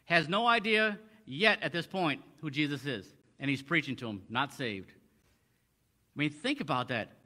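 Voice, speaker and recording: Expressive and a little slow, his high voice pushed and bright, a preacher explains a Bible passage in a chatty sermon. He reads verses in old English and restarts frequently.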